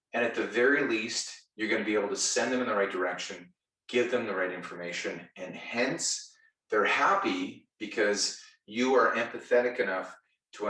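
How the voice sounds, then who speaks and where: Energetic male sales trainer in echoey room. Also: fairly low pitch, distant mic. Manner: enthusiastic, playful, direct. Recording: echoey room, voice set back.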